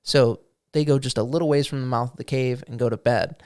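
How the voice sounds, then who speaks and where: A man casually recounting his tabletop game session as game master, slipping in quick voiced quotes of goblins and players. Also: medium pitch, steady tone, a little mellow, slight background noise. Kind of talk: casual chat.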